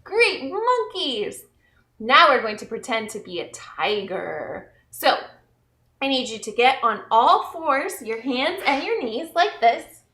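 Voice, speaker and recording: Librarian for pre-k story time: woman, high voice, slow, encouraging delivery for little kids. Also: animated, bright, forceful tone. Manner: slow, encouraging, talks directly to small children; playful, acts out animals.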